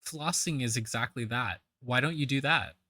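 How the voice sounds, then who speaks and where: Sharp, sarcastic reaction commentator. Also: mid-range voice, moderate pace, no echo. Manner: mocking, blunt, swears casually.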